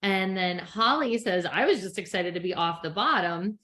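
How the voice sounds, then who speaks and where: A woman's voice: on the low side, animated, normal speed, pushed and bright. Chatty middle-aged woman podcast co-host. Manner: chatty storyteller acting out quotes, laughs often. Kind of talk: casual chat recapping a reality show.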